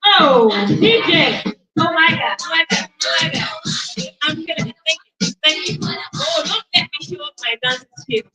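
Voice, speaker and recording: A woman hosting a conference event, giving a lively motivational talk and calling out questions for the audience to answer. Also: very high voice, a little slow, recorded from a distance, faint music behind. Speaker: event host. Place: conference auditorium. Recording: echoey hall, from off the mic.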